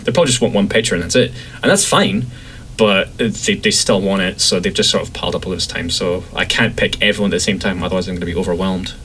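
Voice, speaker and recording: A man from Scotland with a light Scottish accent, chatting casually as a podcast guest in a relaxed, rambling way. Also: fast, a little hiss or hum, low-quality recording. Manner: relaxed, rambling, acts out quotes in a higher voice.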